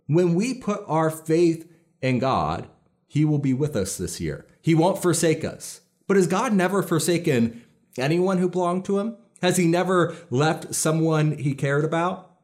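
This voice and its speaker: A man's voice: on the high side, expressive, measured pace, darkish tone. A pastor preaching a sermon in an earnest, emphatic way, stressing key lines as he builds his points.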